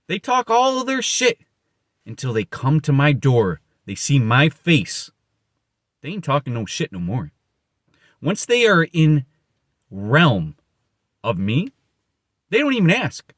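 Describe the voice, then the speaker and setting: Blunt, swaggering man with a lively voice. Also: a little high, measured pace, long pauses, no room sound, studio quality. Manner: blunt, boastful and profane; emphatic, rambling with self-corrections. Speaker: motivational speaker. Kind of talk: unscripted motivational monologue.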